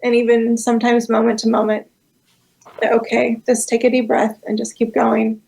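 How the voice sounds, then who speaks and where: Woman with a gravelly, flat voice. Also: on the high side, rough recording. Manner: calm, reflective, measured. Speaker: interview guest, advocate. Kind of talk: casual interview answer.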